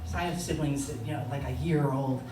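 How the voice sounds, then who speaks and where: An older woman telling a personal story, animated and laughing, acting out the voices of others. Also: extremely low pitch, quick pace. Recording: echoey room, distant mic, noisy.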